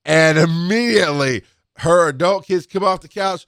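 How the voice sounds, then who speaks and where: A man who used to be a paramedic tells work stories in a casual, animated way, with laughs and acted-out quotes. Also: fairly quick, slight background noise. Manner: animated, acts out quotes with rising pitch and laughs. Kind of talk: casual storytelling monologue.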